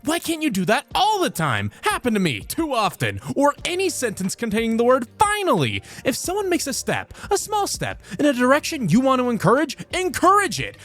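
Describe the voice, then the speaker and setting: High, wildly animated male narrator. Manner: animated, expressive, swings between many voices. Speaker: voice actor reading posts. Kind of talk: comedic read-aloud narration.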